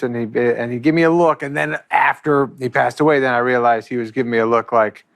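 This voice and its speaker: Gravelly man reminiscing. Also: medium pitch, fairly even intonation, a little fast, hardly any pauses, no echo. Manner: rambling, swears, quotes others. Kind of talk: casual reminiscing.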